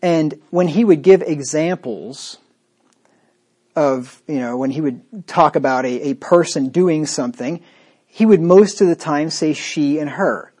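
A man's voice: a little high, unhurried, darkish tone, slightly rough. Sarcastic, emphatic male preacher. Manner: emphatic, repetitive. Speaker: pastor. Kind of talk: sermon.

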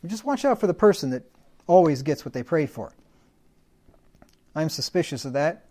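A man's voice: on the high side, animated, normal speed, darkish tone. A man preaching a sermon in a conversational teaching manner, defining words and adding folksy humorous asides.

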